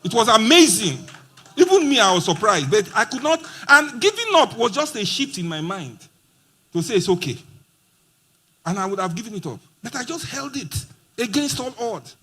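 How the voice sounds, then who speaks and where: A man's voice: high voice, very animated, normal speed, bright, forceful tone, slightly rough. A man giving a playful motivational talk at a conference, acting out quoted dialogue. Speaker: conference speaker. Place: conference hall.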